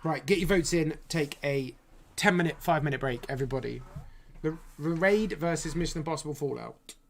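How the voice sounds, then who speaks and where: A man's voice: a little high, fairly quick, creaky, slight background noise. A man hosting a live-stream film vote, chatting casually and laughing often.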